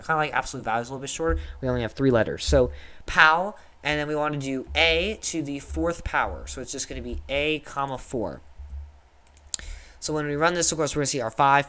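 Young male tutor, mid-pitch, loose and chatty, corrects himself on the fly. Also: pushed and bright. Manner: casual, thinking aloud with fillers and self-corrections. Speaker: teacher. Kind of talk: screen-recorded coding lesson.

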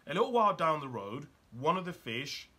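Husky-voiced man firing questions. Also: on the high side, very animated, a little fast, pushed and bright. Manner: urgent and probing, fires rhetorical questions at the listener. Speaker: motivational speaker and author. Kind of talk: motivational talk.

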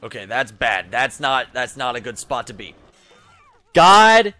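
Young male gaming YouTuber, bright lively voice, frustrated and cursing, slow delivery. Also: mid-range voice, soft background music. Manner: frustrated, swears a lot, muttering to himself. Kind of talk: let's play commentary.

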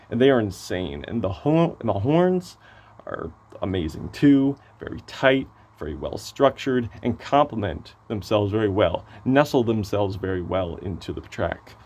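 A man with a hoarse voice giving a casual, excitable album review, gushing and swearing freely. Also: fairly low pitch.

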